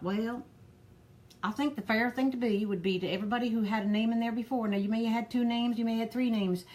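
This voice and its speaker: A woman's voice: medium pitch, natural voice. A woman putting on a rambling old granny. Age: older. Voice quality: folksy drawl, rambling. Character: poor old Southern granny, harried and gossipy. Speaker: pearl party host. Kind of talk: comedic character live stream.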